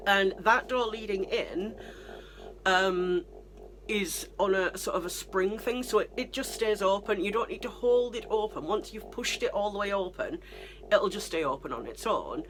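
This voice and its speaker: A woman's voice: medium pitch, moderate pace, a little hiss or hum. Chatty British woman telling stories. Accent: British English. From Britain. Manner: chatty, rambling, self-deprecating, laughs between phrases. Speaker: vlogger. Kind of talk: casual storytelling to camera.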